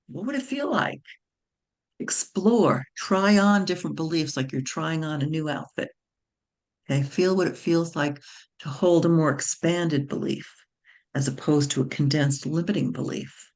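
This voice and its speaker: A woman, a naturopathic doctor giving a motivational webinar talk, slow and emphatic, repeating key phrases like a mantra. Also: sits low, darkish tone.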